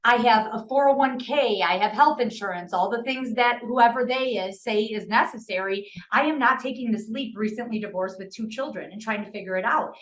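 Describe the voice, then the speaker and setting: A woman's voice: a little high, a little fast, hardly any pauses, a bit bright. A middle-aged woman telling a personal story in a casual interview, earnest and emotional, often restarting her sentences. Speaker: podcast guest.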